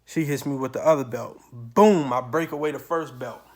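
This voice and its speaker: A man telling a profane, animated story from his childhood to camera, with sudden loud outbursts. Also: medium pitch, moderate pace. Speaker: channel host. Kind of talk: storytime monologue.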